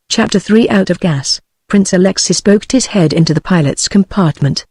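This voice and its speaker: A synthetic British English woman's voice reading a novel aloud in an even, machine-read delivery. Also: mid-range voice, moderate pace, few pauses, slightly rough, no echo. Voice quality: flat, even text-to-speech delivery. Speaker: audiobook narrator. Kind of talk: synthesized audiobook narration.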